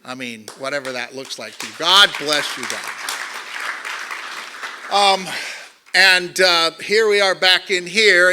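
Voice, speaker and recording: A man's voice: on the high side, pushed and bright. A man in his sixties from Glasgow, Scotland, telling his own story at a recovery meeting in a candid, joking way with blunt profanity. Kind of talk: personal recovery share to an audience. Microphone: handheld or stand microphone.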